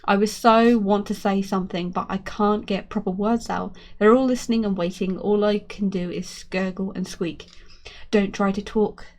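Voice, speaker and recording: A woman's voice: medium pitch, steady tone, moderate pace, few pauses. A woman reading a children's book aloud, narrating expressively in first person. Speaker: storyteller.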